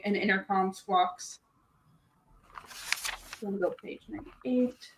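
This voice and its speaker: A woman hosting a stream, reading a gamebook aloud in an animated, joking way and laughing often. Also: a little high, a little slow, pauses often, roomy sound, a little hiss or hum, rough recording. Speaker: host.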